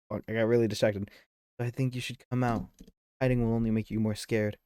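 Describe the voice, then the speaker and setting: A man's voice: mid-range voice, little pitch movement, fairly quick, a little mellow, smooth, no room sound, studio quality. A man streaming a game live, reading its dialogue aloud and chatting between lines, easily sidetracked.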